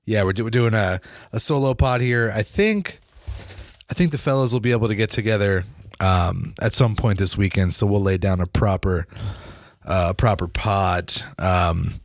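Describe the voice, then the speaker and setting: A man's voice: lowish voice, moderate pace, dry recording, studio quality. A man hosting a solo podcast, chatting casually and rambling with many restarts. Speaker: podcast host. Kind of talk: casual solo podcast about football and beer.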